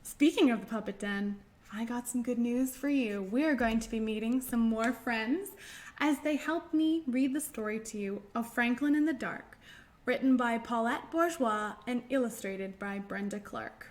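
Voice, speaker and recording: A woman leading a children's storytime, reading aloud and doing finger rhymes in a gentle, sing-song way. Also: a little high. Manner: slow, gentle, sing-song with frequent laughs. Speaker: children's librarian.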